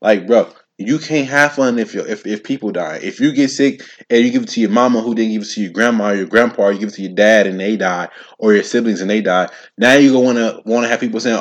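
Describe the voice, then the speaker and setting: A man in his twenties hosting a casual solo podcast. He talks in an animated, slangy way, repeats himself and speaks straight to his listeners. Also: lowish voice, fast talker, few pauses, dull audio. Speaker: podcast host.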